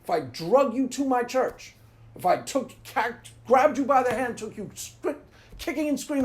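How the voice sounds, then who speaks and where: A man's voice: extremely high pitch, normal speed. Emphatic man in a casual monologue. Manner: emphatic, animated, laughs and acts out quotes. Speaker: Christian apologetics channel host.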